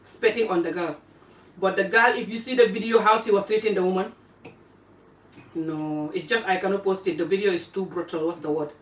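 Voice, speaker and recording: An African woman vlogging casually while eating, chatting in an animated way and jumping from topic to topic. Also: mid-range voice, brisk. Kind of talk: casual live-stream chat while eating. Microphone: phone camera pointed away from her. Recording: roomy phone audio from a distance.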